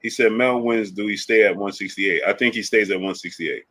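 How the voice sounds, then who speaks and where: A man's voice: on the low side, brisk, bright, forceful tone. A young man co-hosting a casual live sports stream, giving emphatic predictions and repeating his pleas to viewers. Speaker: co-host answering viewer comments.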